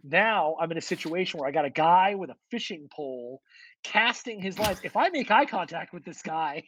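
Animated American man, lively and high. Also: normal speed, a little hiss or hum. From United States. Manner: animated, laughs often, repeats phrases. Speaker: podcast co-host. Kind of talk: casual comedic storytelling.

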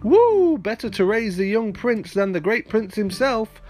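A man's voice: sits high, very animated, a little slow, a little mellow, voice pushed up. A man doing a kindly hooting old owl. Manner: hooting, sympathetic. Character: wise old male owl, kindly and chatty.

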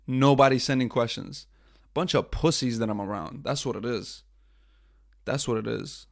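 Young guy hosting a live podcast, gravelly voice, dry close sound, cussing a lot. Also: mid-range voice, moderate pace, no echo. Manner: frustrated, profane, self-mocking. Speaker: podcast host. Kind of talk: casual livestream talk.

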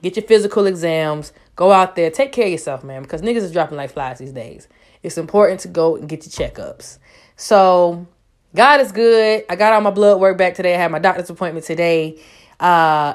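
Young woman, twenties, casual storytime, profane, loud, squealing jumps in pitch. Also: normal speed. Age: 20s. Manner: loud, profane and animated, jumping to high squeals. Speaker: vlogger.

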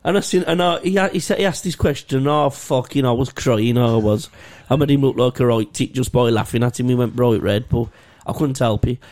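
A man's voice: mid-range voice, a little fast, hardly any pauses, darkish tone. A man telling crude stories in casual podcast banter, swearing a lot and laughing as he talks. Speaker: podcast co-host.

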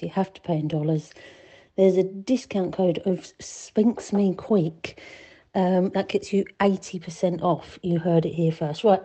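A woman's voice: on the low side, dark tone, lightly acted. A woman putting on a crude, cocky male reviewer persona in a comedy sketch clip, with a bawdy, boastful, hammy delivery.

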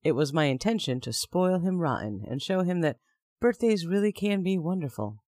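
A man's voice: high voice, animated, normal speed, darkish tone, dry recording, clean studio sound. A man narrating a first-person story in a plain, conversational way.

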